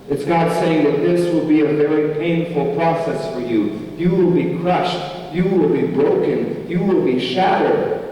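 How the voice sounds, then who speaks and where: A man's voice: on the high side, dark tone, far from the mic, slight background noise. Preaching man in an echoey hall. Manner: emphatic, repetitive preaching cadence. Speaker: pastor. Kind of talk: sermon. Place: church sanctuary.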